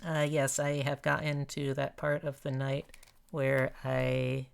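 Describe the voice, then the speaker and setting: A woman's voice: rumbling low, little pitch movement, slow, vocal fry, clear, resonant tone. A woman streaming as she draws, sleepy and yawning, chatting loosely and breaking into clumsy joking freestyle raps. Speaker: streamer drawing live.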